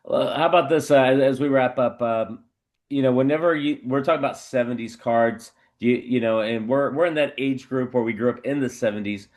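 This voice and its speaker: Rambling host asking questions. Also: male voice, medium pitch, brisk, darkish tone. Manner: rambling, restarts his questions. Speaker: podcast host. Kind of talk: casual podcast chat.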